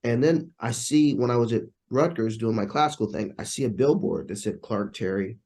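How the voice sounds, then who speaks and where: A man's voice: medium pitch, moderate pace, a little mellow. A man, a trumpet player and interview guest, telling stories in casual conversation and acting out the voices of people he quotes.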